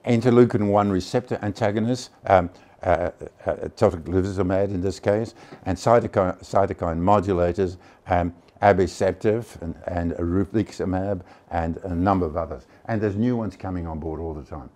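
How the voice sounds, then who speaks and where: A man's voice: deep voice, normal speed, dark tone. An older man giving a chatty, digressive conference lecture on medicines. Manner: chatty and digressive, many hesitations. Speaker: pharmacology lecturer.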